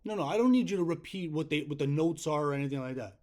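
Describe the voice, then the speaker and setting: Frustrated man, high-pitched voice, insistent, complaining to support, keeps asking right. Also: expressive, quick pace, darkish tone. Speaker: self-publishing author calling customer support. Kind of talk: complaint phone call.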